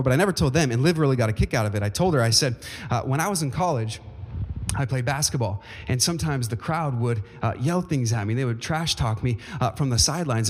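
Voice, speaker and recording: Middle-aged male pastor, animated sermon delivery, slows for scripture readings. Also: mid-range voice. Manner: animated preaching, slowing down to read scripture.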